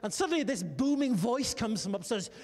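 High-voiced male preacher in a reverberant hall. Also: fairly quick. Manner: storytelling, animated preaching with "come on" and "amen" calls. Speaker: pastor. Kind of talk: sermon.

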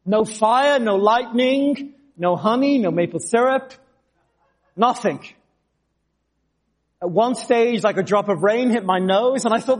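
High-voiced storytelling preacher. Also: male voice, moderate pace. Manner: storytelling, animated, jumps to shouts. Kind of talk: sermon with personal testimony.

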